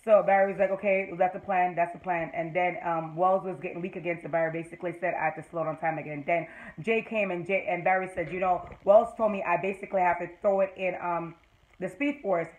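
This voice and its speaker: Jamaican woman, excitable TV fan reviewer, chatty rambling recap. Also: fairly low pitch, a little fast, poor audio. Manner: excitable, rambling retelling with many fillers. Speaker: TV episode reviewer.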